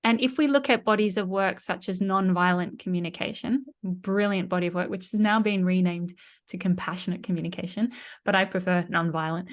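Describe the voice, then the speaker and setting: A middle-aged woman, speaking as an interview guest about communication, telling stories and explaining in a lively way, with frequent restarts. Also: on the low side, fairly quick. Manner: animated storyteller, frequent restarts and laughs.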